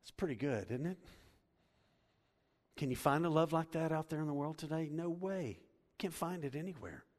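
A middle-aged male pastor preaching a sermon, animated, swinging from loud to hushed. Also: on the high side, moderate pace, long pauses. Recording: long hall reverb.

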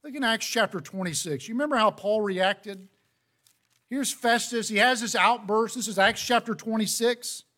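Male preacher with a high voice, earnest and conversational, reading scripture in a sermon. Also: moderate pace, bright, forceful tone.

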